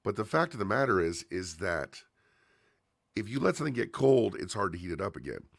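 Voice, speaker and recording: A man's voice: lowish voice, big pitch swings, fairly quick, vocal fry, dry recording, studio quality. A man hosting a livestream, casually reviewing a wrestling show in a chatty, opinionated way with frequent fillers and restarts.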